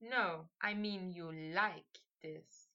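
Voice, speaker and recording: A woman's voice: fairly high pitch, slow, pushed and bright, muffled recording. A woman voicing a flustered, muttering teen wizard. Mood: hushed. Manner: muttering and breathless. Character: teenage boy wizard, flustered and hurried. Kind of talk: audiobook fan fiction reading.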